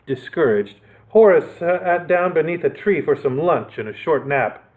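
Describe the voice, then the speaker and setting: A male children's librarian reads a picture book aloud with playful asides. His voice is lively and sits a little high, and the audio sounds thin and phone-like. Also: measured pace.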